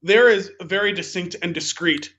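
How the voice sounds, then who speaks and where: A man's voice: high voice, moderate pace, bright, forceful tone. A man co-hosting a casual movie podcast, a bit flustered and self-deprecating. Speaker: podcast co-host. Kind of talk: casual chat, reading a beer label aloud. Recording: dull lo-fi podcast mic.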